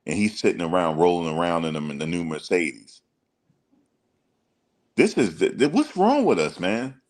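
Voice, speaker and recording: A man with a very low voice talks loosely and emphatically, heavy on slang. He keeps firing rhetorical questions as he reacts to a story. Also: big pitch swings, normal speed. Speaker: online commentator. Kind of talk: casual reaction commentary.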